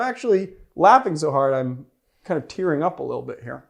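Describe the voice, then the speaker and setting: A man's voice: on the high side, big pitch swings, brisk, gravelly. A man hosting a cocktail show in casual chat, playfully teasing his co-host.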